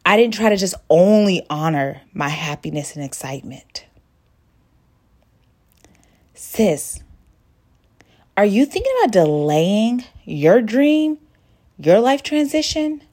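A woman hosting a podcast, who talks straight to her listener in a warm, sisterly way and shares her feelings openly. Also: mid-range voice, expressive, takes it slowly, pauses often. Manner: emotive, sisterly, addresses listener directly. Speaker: podcast host. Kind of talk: personal motivational monologue.

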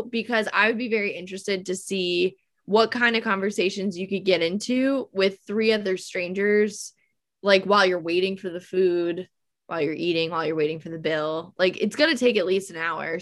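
Woman cohost, bright voice, earnest, explaining her point. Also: medium pitch. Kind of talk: casual brainstorming chat.

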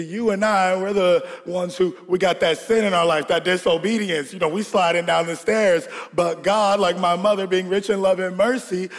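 A man from Georgia preaching a sermon, telling a lively childhood story with laughter and call-and-response to the congregation. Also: high-pitched. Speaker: pastor. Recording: long hall reverb.

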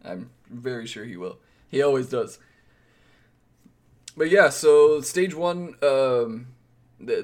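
A man's voice: medium pitch, a little mellow. A man co-hosting a casual sports podcast, rambling and wry, often correcting himself mid-sentence. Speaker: podcast co-host.

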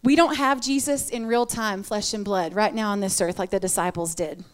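A middle-aged woman giving an earnest, animated sermon talk with personal stories. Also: medium pitch, moderate pace. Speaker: women's ministry speaker.

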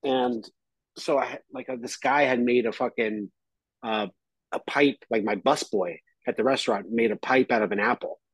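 A man co-hosting a podcast in casual chat, rambling in a laid-back way and often clearing his throat. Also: mid-range voice, normal speed, dry recording, low-quality recording. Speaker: podcast co-host.

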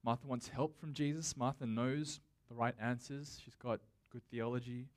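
A pastor preaches to his congregation in a relaxed, conversational way, talking to them directly. His pitch is ordinary and middling, his tone steady, and his pace moderate. Instead of formal oratory, his delivery is full of casual fillers and restarts.

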